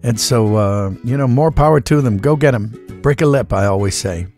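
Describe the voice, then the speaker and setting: A man in his sixties, a voice actor, talking in a relaxed, folksy way in an interview and telling anecdotes with the odd acted-out voice. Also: lowish voice, normal speed, faint music behind. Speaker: voice actor guest.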